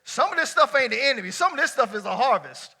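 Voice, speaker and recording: Pastor, man, high and very bright voice; loose colloquial sermon, swings from shouts to hushed asides. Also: fast talker. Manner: lively colloquial preaching, swinging between shouts and near-quiet asides. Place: church before a congregation.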